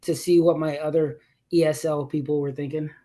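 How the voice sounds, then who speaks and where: A man student in a seminar, speaking haltingly and with self-deprecation about reading aloud. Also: fairly high pitch, little pitch movement, mellow. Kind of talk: seminar discussion.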